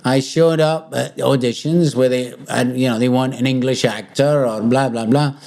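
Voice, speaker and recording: A Scottish man talks as a guest in a relaxed interview. He tells stories bluntly and swears freely. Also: mid-range voice, normal speed, vocal fry. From Scotland. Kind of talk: casual interview chat.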